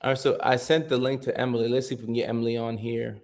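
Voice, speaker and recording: Man, thirties, gravelly voice, mid pitch, casual live stream host. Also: level tone, racing. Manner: loose, chatty, reads comments aloud, stammers and restarts. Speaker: livestream host.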